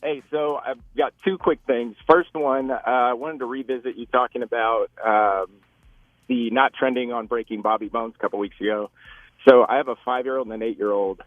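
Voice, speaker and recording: A man's voice: medium pitch, steady tone, normal speed, no room sound. A friendly father calls into a morning radio show, upbeat and easygoing. His voice sits in an average range. It is heard through a narrow, tinny phone line. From Denver, Colorado, US. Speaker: caller, father. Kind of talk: casual call-in chat.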